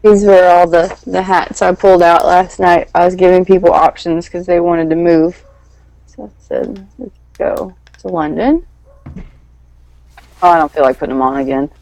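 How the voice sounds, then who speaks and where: A woman's voice: fairly low pitch, fairly even intonation, brisk, darkish tone, poor audio. A woman in casual chat, giggly and tired, on a livestream.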